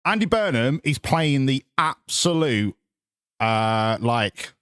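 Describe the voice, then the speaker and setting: A man's voice: mid-range voice, sing-song, takes it slowly, a bit bright, clear, resonant tone, no echo, clean studio sound. A man, chatting casually with his viewers on a live stream in sarcastic, sweary, mock-lecturing rants.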